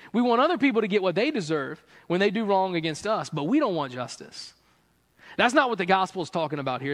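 A man preaching a sermon as pastor to a gathered room, telling stories with laughs and playful asides. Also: high voice. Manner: animated storytelling with laughs and asides. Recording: long reverb of a large hall.

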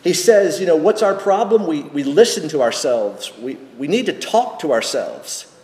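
A man, a pastor, preaching a sermon slowly and deliberately, with rhetorical questions and small restarts. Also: on the high side, big pitch swings, darkish tone. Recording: echoey church hall with long reverb.

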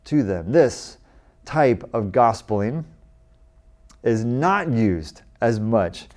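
American pastor guy, 40s, chatty sermon, gets louder on the scripture bits, warm low tone. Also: big pitch swings, slow pace. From United States. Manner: conversational, rising with emphasis when quoting scripture.

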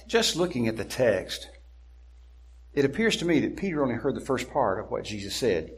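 A man preaching an expository sermon, deliberate and emphatic, slowing down to stress key words. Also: mid-range voice, very animated.

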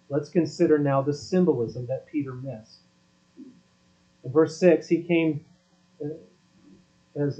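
A male pastor delivers a sermon in a fairly high, mellow voice. He leans on emphatic words and turns to his listeners with rhetorical questions. The recording is dull and lo-fi.

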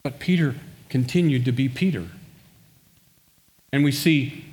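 A man's voice: mid-range voice, measured pace, a little mellow. A man preaching a sermon, telling a story and acting out the quoted lines. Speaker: pastor. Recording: long hall reverb.

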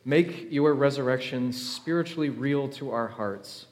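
A male pastor leading his congregation in a solemn, measured prayer in a church. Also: medium pitch, darkish tone. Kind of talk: sermon and prayer. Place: church sanctuary.

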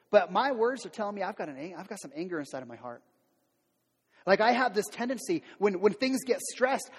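A man with a very high, breathy-edged voice preaches a sermon as pastor. He speaks candidly and conversationally, full of fillers and restarts, and acts out the voices of everyday people he quotes. The recording has a long hall reverb.

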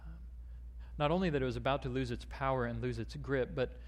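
A man's voice: mid-range voice, brisk, big-room sound. A man preaching a sermon, with frequent fillers and restarts, reading a long quoted passage aloud. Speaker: pastor.

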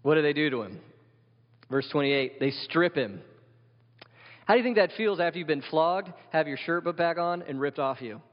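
A man's voice: fairly high pitch, animated, normal speed. A man preaching as pastor, emphatic and asking his listeners question after question. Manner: emphatic, asks the congregation many questions. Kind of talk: sermon. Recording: dull sound with long hall reverb.

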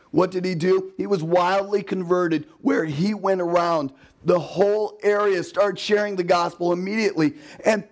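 A man preaching a sermon in a conversational way, with rhetorical questions and emphatic repetition, and acting out the voices he quotes. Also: a little high. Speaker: pastor.

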